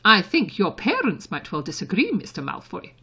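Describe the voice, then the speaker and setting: A woman reading the part of a stern older headmistress, speaking in a crisp, clipped, formal way, a little louder than her narration. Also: on the low side, huge pitch swings, moderate pace, heavily acted. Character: stern older female headmistress, dry and pointed. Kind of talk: audiobook character reading.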